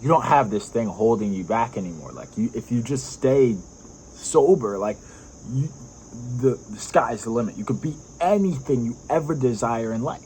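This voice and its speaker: A man's voice: mid-range voice, animated, normal speed, warm tone, a little hiss or hum, low-quality recording. A young man vlogging, telling a personal story in a rambling way, full of fillers and laughs.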